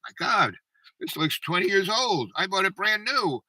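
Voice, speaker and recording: An older man voicing an excitable young redheaded woman in a story he tells. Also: normal speed, dry recording, poor audio. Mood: excited, insistent. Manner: high-pitched, exclaiming.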